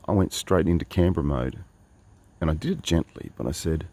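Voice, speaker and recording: Australian man, 50s, very deep voice, casual wry storytelling, rambling asides. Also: fairly quick, dark tone, no room sound. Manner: meandering, wry, full of asides and restarts. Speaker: travelling storyteller. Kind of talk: casual spoken monologue.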